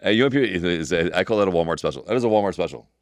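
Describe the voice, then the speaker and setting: Deep, animated, fast-talking man. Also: no room sound. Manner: profane, boisterous, animated storyteller. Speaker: podcast co-host. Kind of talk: casual crude banter.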